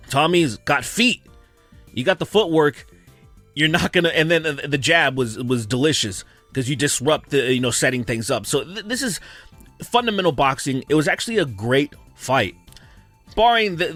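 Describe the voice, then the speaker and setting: A man giving a casual, animated breakdown of a boxing match, full of opinions and acted-out quotes. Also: medium pitch, dry recording. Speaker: YouTube commentator. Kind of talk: casual fight breakdown commentary.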